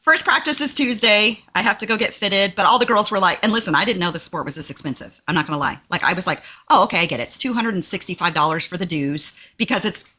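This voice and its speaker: A woman's voice: medium pitch, fast, hardly any pauses. A woman from Texas co-hosting a podcast, telling a story in casual chat and acting out quoted lines in a raised voice. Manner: animated, acts out quotes in a raised voice. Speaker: podcast co-host.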